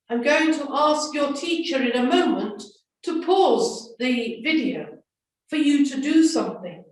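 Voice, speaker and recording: Slow, high-voiced woman leading a school assembly. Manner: slow, gentle instructions to children. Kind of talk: children's assembly talk. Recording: echoey room from far off.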